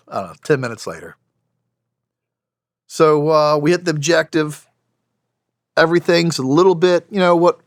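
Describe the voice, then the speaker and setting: A man's voice: fairly high pitch, a bit bright, no echo, clean studio sound. Plainspoken man telling war stories. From United States. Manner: plainspoken, wry, with frequent restarts. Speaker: podcast guest, former special operations soldier. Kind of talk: storytelling in a podcast interview.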